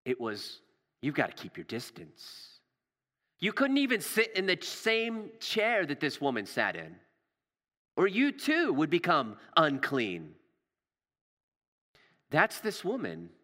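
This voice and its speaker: A man preaching a sermon with passion, repeating words and dropping to a hush for emphasis, recorded in a church. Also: a little high, huge pitch swings, slow pace, long pauses. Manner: impassioned, repeats words, drops to hushed emphasis. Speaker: pastor. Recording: long reverb of a large hall.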